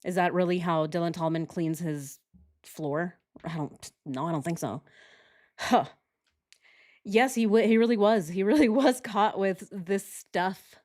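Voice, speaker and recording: A woman's voice: on the low side, a little slow, darkish tone. A woman hosting a true-crime commentary channel who talks in a chatty, sarcastic way and often laughs. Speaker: channel host.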